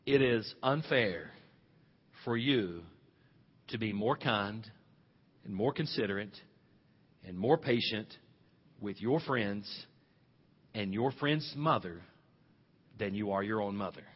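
A man preaching a sermon as pastor, calling out to his congregation with loud, rising exhortations. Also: fairly low pitch, expressive, slow pace, long pauses, husky. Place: church sanctuary. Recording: dull reverberant hall recording.

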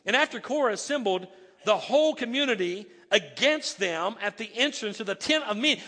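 A man's voice: sits high, animated, moderate pace, a bit bright. A male pastor preaching a sermon, reading scripture aloud with emphatic asides and stumbling restarts. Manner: repeats words when starting sentences. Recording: echoey hall reverb.

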